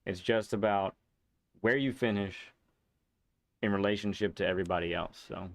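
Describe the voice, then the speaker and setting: A man hosting a live racing game stream, chatting casually with viewers in a relaxed, rambling way, with fillers and chuckles. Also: on the low side, moderate pace.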